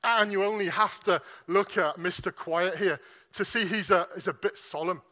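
Bright-voiced man preaching a sermon. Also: high voice, moderate pace. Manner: earnest, repeats words, asks the audience questions.

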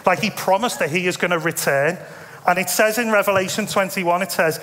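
A preacher in his thirties talks through his sermon in a casual, self-deprecating way. His voice sits a little high for a man. A long reverb from the big hall trails behind every phrase. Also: a little fast. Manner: conversational, self-deprecating, animated asides.

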